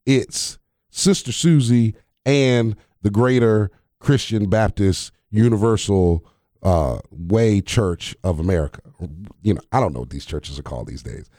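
A man's voice: on the low side, expressive, measured pace, warm tone, no echo, studio quality. A man hosting a casual faith podcast, preaching in repeated phrases and chuckling at his own jokes.

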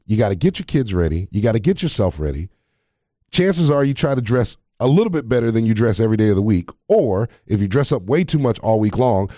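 Animated man preaching in casual chat. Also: lowish voice, no echo, studio quality. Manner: preachy, repeats phrases for emphasis; chuckles at his own jokes. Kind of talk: casual faith podcast talk.

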